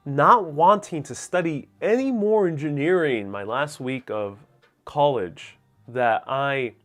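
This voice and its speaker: Easygoing young man, Queens Nuyorican accent. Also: medium pitch. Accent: New York Puerto Rican, Queens. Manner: relaxed, rambling, many fillers. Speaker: host. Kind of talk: casual livestream Q&A.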